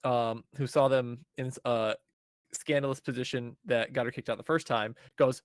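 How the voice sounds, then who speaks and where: A man on a podcast talks through a show's plot in a loose, rambling way, sprinkling in laughs and casual swearing. His voice sits at a middling pitch. The sound is close and dry, with no room around it. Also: steady tone, normal speed, no echo. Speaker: podcast co-host. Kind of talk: casual show recap.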